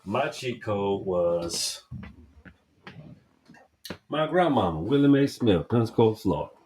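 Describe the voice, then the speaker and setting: Deep-voiced Southern man, rambling and emphatic. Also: animated, unhurried, darkish tone, a little hiss or hum, low-quality recording. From Southern United States. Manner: rambling, emphatic, swears freely. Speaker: podcast host. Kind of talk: casual book review monologue.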